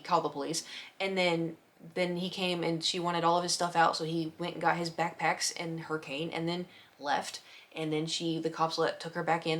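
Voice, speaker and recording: A young woman casually telling a neighbor story, acting out quotes and sound effects in a chatty, animated way. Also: on the low side.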